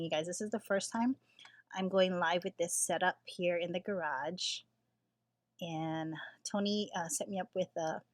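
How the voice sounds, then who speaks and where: A middle-aged woman chatting on a late-night live stream from her garage craft space, talking softly and often slipping into a whisper, with lots of fillers. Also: medium pitch, dry recording. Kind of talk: casual live-stream chat.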